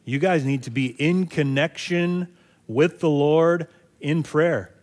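A man's voice: a little high, slow pace, darkish tone. A man voicing Jesus as an earnest teacher urging his followers to pray, in a plain everyday tone. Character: Jesus, a patient male teacher urging prayer.

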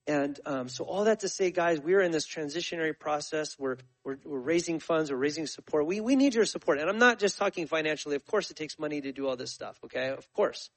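This forties-aged missionary shares his testimony with his church, storytelling casually with plenty of fillers and restarts. He sounds on the high side and expressive, talks a little fast with hardly any pauses, and the audio quality is rough.

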